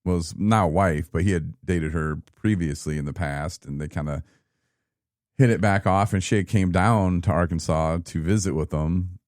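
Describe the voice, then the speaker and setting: A man in his thirties from Michigan, telling his own story in a casual, animated podcast chat and acting out what people said. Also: low-pitched, normal speed, no room sound, studio quality. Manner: animated, laughing, acts out quoted people. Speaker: podcast guest.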